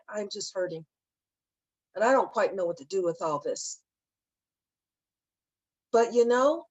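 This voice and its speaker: A middle-aged woman speaking as a spiritual teacher, talking gently and emotionally about grief and often repeating her phrases. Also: mid-range voice, dry recording, poor audio. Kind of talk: heartfelt talk on grief.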